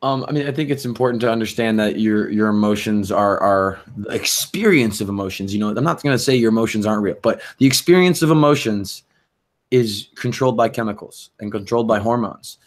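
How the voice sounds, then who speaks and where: A man co-hosting a self-help talk, explaining at length with many restarts and fillers, sometimes building into excited demonstration. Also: on the low side, fairly quick. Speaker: podcast co-host.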